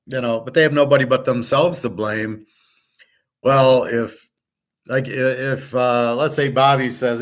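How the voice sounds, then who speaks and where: A man who handicaps sports bets, talking in a blunt, profane, rambling monologue. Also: medium pitch.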